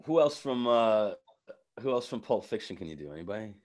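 A man's voice: lowish voice, big pitch swings, fairly quick, a little mellow. A man in casual, playful chat, laughing and swearing easily.

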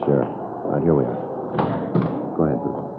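An actor playing a calm, reassuring police detective questioning a distraught witness. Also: male voice, very deep voice, moderate pace. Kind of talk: dramatic dialogue. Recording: tinny old broadcast with faint noise.

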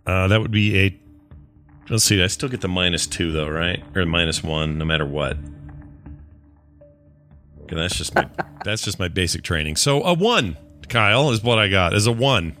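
A man's voice: low voice, moderate pace, long pauses, pushed and bright, soft background music. A man playing a tabletop game, thinking aloud in a hesitant way. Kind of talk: casual play at a tabletop game.

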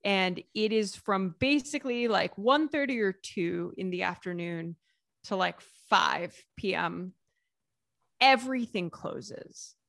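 An American woman chatting as an interview guest, lively and quick to laugh. She talks in a loose, everyday way with plenty of fillers and restarts. Her voice sits at an average pitch and is recorded close and dry. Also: gravelly, dry recording. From United States. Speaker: author and vlogger guest. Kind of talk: casual interview conversation.

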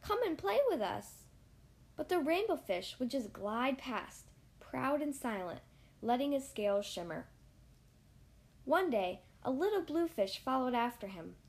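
A woman with a high, bright-pitched voice reads a children's picture book aloud for her podcast. Her reading is lively and expressive. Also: unhurried. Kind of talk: storybook read-aloud.

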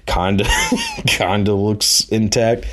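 A man's voice: on the low side, takes it slowly, a bit bright. A man telling a personal anecdote in a rambling, casual way, full of fillers and laughing at himself. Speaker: storyteller.

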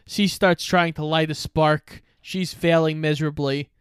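A man's voice: a little high, fairly even intonation, a little slow, smooth, no room sound. A man co-hosting a podcast, steadily summarizing a movie plot with dry asides. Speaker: podcast co-host. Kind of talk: casual movie recap chat.

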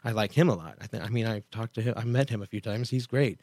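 A man's voice: fairly low pitch, fast talker, darkish tone, no echo. A man hosting a radio talk show, commenting casually in a digressive, self-interrupting, incredulous way. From Kansas, USA. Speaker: host.

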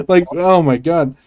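A man co-hosting a podcast in casual chat, with a dry, sarcastic, deadpan manner. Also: high-pitched. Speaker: podcast co-host.

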